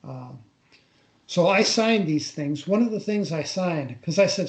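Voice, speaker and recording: An older man tells a personal story in a radio interview, his voice pitched a little high. He stops and starts often and repeats words as he remembers. The recording has a roomy echo. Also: expressive, a little mellow. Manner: halting, repeats words while recalling. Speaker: interview guest. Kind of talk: casual first-person storytelling.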